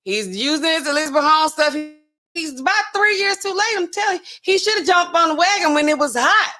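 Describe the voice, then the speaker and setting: In this clip her voice is extremely high, bright and forceful, expressive and a little fast. She hosts her casual pharmacist livestream, talking to chat with sass and incredulous laughs.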